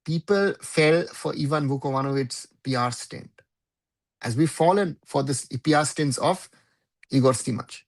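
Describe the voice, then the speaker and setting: A man's voice: a little high, measured pace. A man hosting a live football talk show, giving opinionated commentary in a conversational way and often checking in with "right?".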